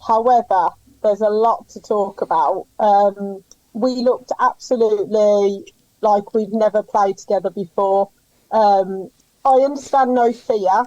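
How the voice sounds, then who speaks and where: A woman, a podcast panelist giving brisk, opinionated match feedback with plenty of ums. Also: medium pitch, mellow, no echo, lo-fi sound. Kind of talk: casual football chat.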